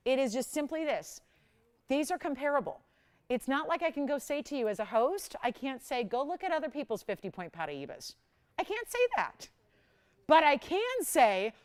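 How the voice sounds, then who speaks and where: A woman hosts a live jewelry shopping show in a smooth, clear voice pitched a little high. She pitches her deals with chatty enthusiasm and greets callers by name. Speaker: shopping channel host.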